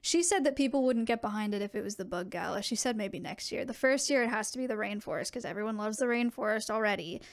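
A young adult woman streaming, chatting casually with her viewers in an animated way, with quick asides. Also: medium pitch.

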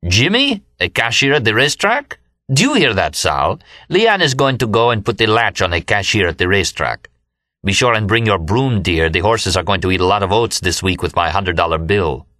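A man's voice: deep voice, steady tone, fairly quick, few pauses, a bit bright, no echo, studio quality. A man voicing a boisterous male sailor who exclaims and mocks in a raised voice. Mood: mocking. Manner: exclaiming, mocking. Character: brash boisterous male sailor, loud joker.

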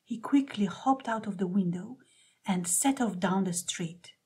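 A woman reading a children's picture book aloud in a gentle, expressive way. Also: medium pitch, measured pace, husky. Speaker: storybook reader.

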